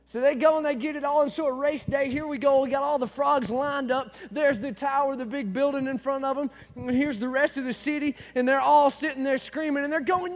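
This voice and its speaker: A man preaching an energetic sermon, telling a story loudly, sometimes shouting and talking back and forth with the crowd. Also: extremely high pitch, a little fast, hardly any pauses. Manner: loud, excitable, shouting at times, talks to the crowd. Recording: echoey hall.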